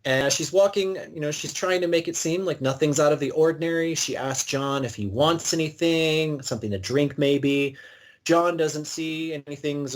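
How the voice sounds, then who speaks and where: A man co-hosting a podcast, recapping an episode in an animated, storytelling way and acting out bits of dialogue. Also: on the high side. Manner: animated storyteller, acts out quotes. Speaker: podcast co-host.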